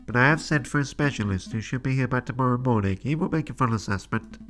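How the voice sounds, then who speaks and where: A man's voice: medium pitch, fast talker, a bit bright, soft background music, natural voice. A man voicing a prim male doctor who talks in a businesslike way. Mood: matter-of-fact. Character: fussy male doctor of the mind.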